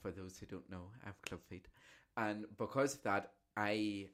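A man hosting a podcast and telling animated stories, full of swearing. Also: lowish voice, normal speed. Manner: animated, profane storytelling. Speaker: podcast host. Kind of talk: casual chat.

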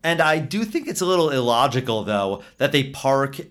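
A man's voice: medium pitch, sing-song, moderate pace, a bit bright. A man co-hosting a podcast, talking casually about a film and trading trivia in a dry, playfully argumentative way. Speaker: podcast co-host.

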